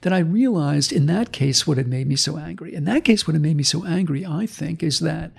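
Man, podcast guest, slightly high voice, gravelly, animated storyteller, blunt and profane. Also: brisk. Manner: profane, emphatic. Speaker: guest, history professor. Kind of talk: storytelling in conversation.

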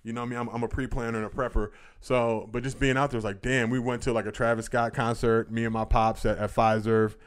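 A man's voice: mid-range voice, level tone, fast talker, hardly any pauses, smooth. A young man talking as a podcast guest in casual chat, blunt and profane with lots of fillers.

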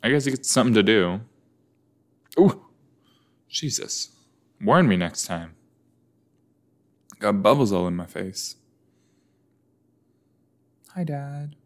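A man's voice: fairly low pitch, lively intonation, takes it slowly, pauses often. A man chatting casually and joking as he reacts to a show, with many fillers. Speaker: reaction video host.

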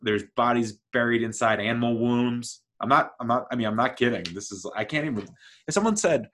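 A man's voice: mid-range voice, brisk, a bit bright. A man chatting casually as he reviews a TV series, rambling and enthusiastic, with lots of fillers. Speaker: TV show reviewer.

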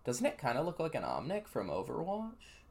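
In a fairly high voice with vocal fry, a man at a moderate pace rambles excitedly through a card review on the podcast he co-hosts. His casual talk is heavy with fillers.

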